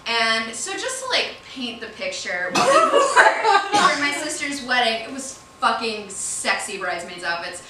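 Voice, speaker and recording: A woman comedian performing stand-up on a club stage, casual and profane, jumping from quick asides to loud laughing bursts. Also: a little high, very animated, heavy background noise. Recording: roomy live club sound, heard from a distance.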